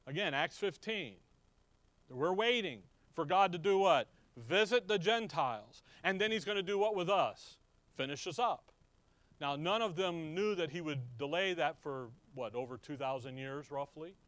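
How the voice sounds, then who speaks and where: High-voiced man preaching with call-and-answer questions. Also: animated, normal speed, no echo. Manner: asks the congregation questions and answers them himself; swings from loud emphatic bursts to low quiet asides. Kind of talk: sermon.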